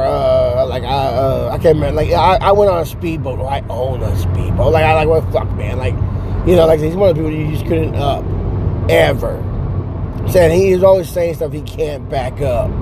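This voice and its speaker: A man rambling through a story from his car, cursing a lot and stumbling over his restarts. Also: fairly high pitch. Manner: profane, stammering restarts. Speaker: vlogger telling stories. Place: car stuck in traffic. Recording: road noise from traffic.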